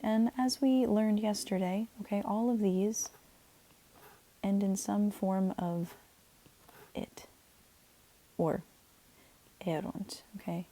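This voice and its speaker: Slow, gravelly teacher woman. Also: medium pitch, dark tone, poor audio. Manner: chatty, repeats "okay" and leads chants. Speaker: Latin teacher. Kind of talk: recorded online lesson.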